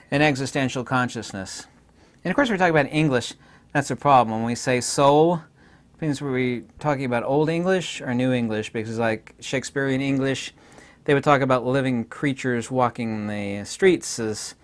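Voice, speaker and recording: A man of middle pitch holds forth alone in an unscripted talk, sure of himself and given to digressions. He often jumps suddenly higher and louder to hammer a point home. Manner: emphatic, digressive, self-assured, with sudden bursts of higher, louder delivery. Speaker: channel host lecturing on philosophy. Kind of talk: unscripted solo monologue.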